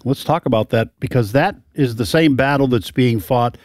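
A man hosting a casual panel discussion, talking in a halting way with frequent restarts. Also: medium pitch, darkish tone, no room sound, studio quality. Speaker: talk show host.

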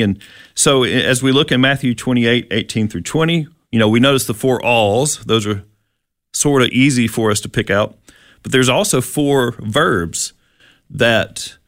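A man's voice: medium pitch, fairly bright tone, no echo, clean studio sound. A man co-hosting a Bible discussion, walking through verses one by one and putting questions to his partner in a casual teaching style. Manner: explains verse by verse and poses questions. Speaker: Bible study co-host.

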